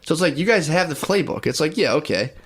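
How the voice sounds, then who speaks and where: A man's voice: a little high, expressive, fast talker, husky. Rambling man joking on a podcast. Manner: rambling, acts out quoted voices, laughs often. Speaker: podcast co-host. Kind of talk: casual comedic chat.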